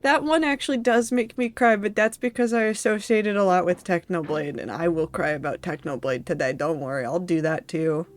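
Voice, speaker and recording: A woman's voice: fairly low pitch, fairly quick, few pauses. A woman streaming a game and chatting with her viewers, emotional and laughing through tears. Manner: emotional, tearful and laughing, talks to chat. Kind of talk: casual live-stream commentary.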